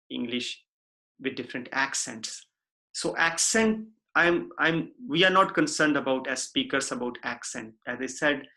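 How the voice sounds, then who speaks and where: A man giving a recorded lecture in a deliberate, repetitive way, often checking in with the listener. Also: medium pitch, vocal fry, pushed and bright. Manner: deliberate, repeats himself, frequent "okay?" checks.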